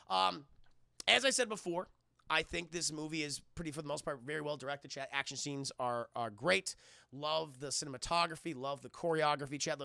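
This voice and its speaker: Animated streamer with a gravelly voice. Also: male voice, fairly high pitch, no room sound, studio quality. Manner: animated, profane, addresses chat often. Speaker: streamer and film reviewer. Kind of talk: casual live-stream film recap.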